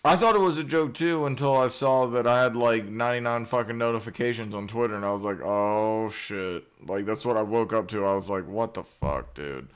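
A man with a low, smooth, resonant voice hosts a live stream. He rambles casually, with swearing and plenty of fillers and restarts. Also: a little fast, hardly any pauses. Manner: rambling, profane, full of fillers.

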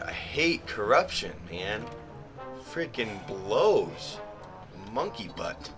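A young man hosts a gaming video, talking slowly, then jumping into high shrieks when danger hits. His voice swings wildly from low mutters to squeals as he blurts silly exclamations. Loud game music plays underneath. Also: very animated. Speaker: gaming channel host. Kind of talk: let's play commentary.

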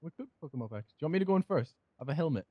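A young man gaming with a friend, loud and sweary, laughing a lot, talking into a headset. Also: on the high side, expressive, rapid-fire, no room sound, narrow, tinny audio. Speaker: gamer. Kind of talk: casual gaming banter.

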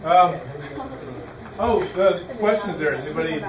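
A man's voice: high voice, a little slow, a crowd in the background. A male teacher going over a study guide with his class, casual and joking with students. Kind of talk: classroom review. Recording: echoey classroom from far off. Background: students chattering.

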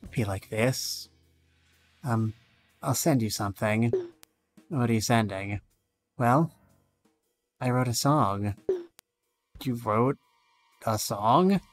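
A male streamer reading both sides of a game's dialogue aloud, with some lively rises. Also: medium pitch.

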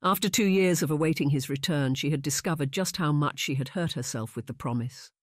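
Measured audiobook narrator, dry sound. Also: medium pitch, dry recording. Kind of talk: scripted narration.

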